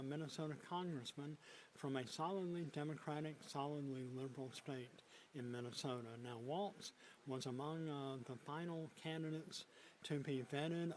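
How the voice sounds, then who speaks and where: A man anchoring a local TV news broadcast from a studio desk, often restarting his sentences and filling pauses with "uh". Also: on the high side, a little hiss or hum, poor audio. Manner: halting, frequent fillers and restarts. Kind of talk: news broadcast with unscripted asides.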